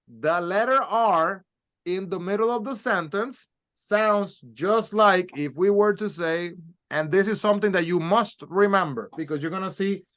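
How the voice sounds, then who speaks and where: A Spanish teacher with a high, slightly bright voice leads a recorded pronunciation lesson. He patiently explains each step and models sounds for learners to repeat.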